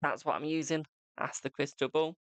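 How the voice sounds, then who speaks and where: A man's voice: on the high side, moderate pace, dry recording. A man with a British accent giving live-stream tarot readings in a chatty way, calling viewers "my darling". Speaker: tarot reader.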